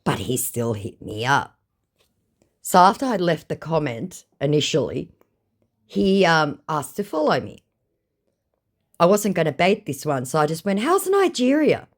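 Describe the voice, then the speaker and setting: Sarcastic Australian woman, lively low voice. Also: a little slow, pauses often. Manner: sarcastic, mocking. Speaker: channel host. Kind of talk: narrating scambait chats.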